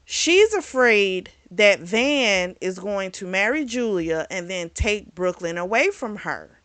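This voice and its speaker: A woman's voice: medium pitch, slow pace, no room sound. Chatty woman retelling a novel's plot. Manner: chatty, animated retelling with acted quotes and laughs. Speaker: book reviewer. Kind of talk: casual book review chat.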